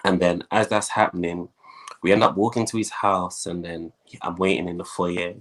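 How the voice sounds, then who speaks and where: A young man, a guest, telling his life story in a lively way and acting out the voices of the people in it. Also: deep voice, moderate pace. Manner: animated storyteller, acts out quoted voices.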